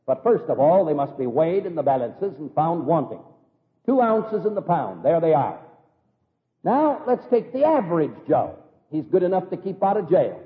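A man preaching a sermon with animated storytelling and vivid examples. His voice is fairly high and rises and falls widely. The recording is thin and boxy, like a phone line, with a long hall reverb. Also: moderate pace. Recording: echoey hall over tinny phone-like line.

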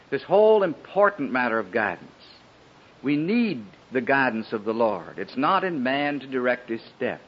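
Male preacher, husky, swooping delivery, dull lo-fi sermon tape. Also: medium pitch. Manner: earnest, pleading, rising and falling emphasis. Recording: dull lo-fi old sermon recording.

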